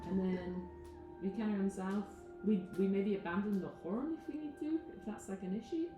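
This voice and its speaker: A woman's voice: medium pitch, brisk, dull audio. A woman taking part as a player in casual tabletop game talk, chatty and rambling. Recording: roomy sound with background music.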